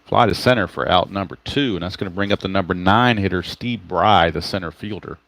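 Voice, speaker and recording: A man with a fairly low voice hosts a tabletop baseball simulation, reading dice results and player cards aloud in a relaxed play-by-play. He explains each roll as he goes and breaks off now and then to greet viewers and correct himself. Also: fairly quick, creaky, slight background noise. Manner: greets live chat viewers mid-game; talks to himself, corrects his own slips. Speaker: tabletop baseball game host.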